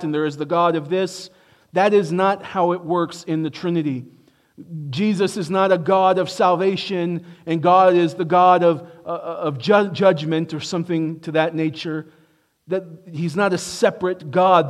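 Pastor guy preaching to his church, kinda high voice, pushes hard on big points then goes low and quiet. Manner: emphatic preaching, rising to stress points and dropping low for asides. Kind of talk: sermon.

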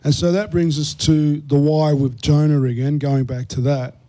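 Host, NY-man, slightly high but dark, mellow voice, earnest explainer. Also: level tone, moderate pace, poor audio. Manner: earnest teaching tone with fillers. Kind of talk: Christian talk show discussion.

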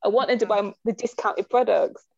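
A woman's voice: mid-range voice, steady tone, a little fast, vocal fry, a little mellow, no room sound. A woman co-hosting a podcast in casual chat, blunt and swearing, often restarting her words. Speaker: podcast co-host. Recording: slightly dull, muffled sound.

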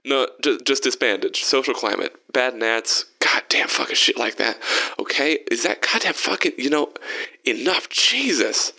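A gruff middle-aged golf coach, swearing constantly and sounding breathless and distracted, as a male story narrator puts him on. His pitch sits in an ordinary middle range. He is a short-fused figure in a read-aloud comic story. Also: expressive, moderate pace, sharp tone, heavily acted. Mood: irritated.

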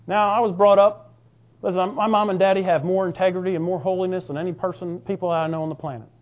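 A man preaching a fervent, emphatic sermon, now and then bursting into shouts. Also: high-pitched, fairly even intonation, fast talker, lo-fi sound. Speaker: pastor.

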